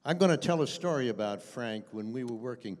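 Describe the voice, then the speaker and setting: A man's voice: medium pitch, animated, fairly quick, darkish tone. An older man, a voice actor guest, telling anecdotes at a convention Q&A with a chatty, self-deprecating, chuckling manner. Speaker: voice actor guest at a fan panel. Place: convention panel room. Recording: echoey convention hall.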